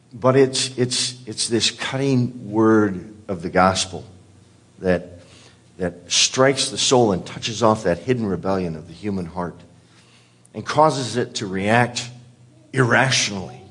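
A man's voice: lowish voice, slightly rough. A pastor delivering a sermon, an earnest man who often repeats words as he presses a point.

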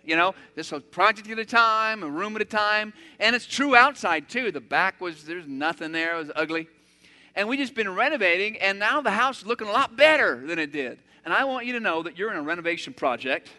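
An older man preaching a sermon, animated and acting out everyday scenes with sudden loud outbursts. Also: high-pitched, fairly quick. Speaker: pastor.

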